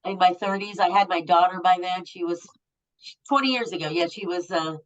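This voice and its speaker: A woman's voice: on the low side, brisk, highs cut off. A woman in her fifties, a guest telling a personal story in a blunt, raw and profane way. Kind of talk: candid storytelling.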